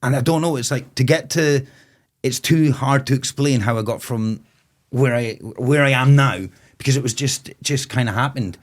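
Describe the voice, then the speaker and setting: A man's voice: medium pitch, moderate pace. A man of around forty from Moray in Scotland, a festival owner telling stories as a guest in a casual podcast chat. He rambles, swears freely and laughs often.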